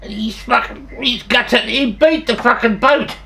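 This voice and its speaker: A man's voice: very high-pitched, a little slow, gravelly, sharp tone, slight background noise. An older man with an Australian accent telling rambling, salty stories from his past, swearing freely and often restarting his sentences. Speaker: storyteller. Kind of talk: rambling anecdotal storytelling.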